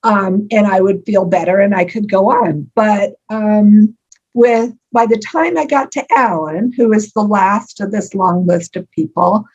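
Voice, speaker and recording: An older woman with a husky, slightly breathy voice talks through a relaxed interview. Her stories wander warmly, full of ums and small laughs. The sound is muffled, like a lo-fi remote call. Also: medium pitch, a little slow. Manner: warm storytelling with frequent ums and laughs. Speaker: author and interview guest. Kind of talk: conversational interview.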